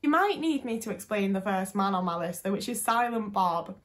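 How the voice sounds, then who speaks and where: A woman's voice: medium pitch, lively intonation, fairly quick. A young woman talking casually to camera, chatty and full of fillers, with some swearing. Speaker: vlogger.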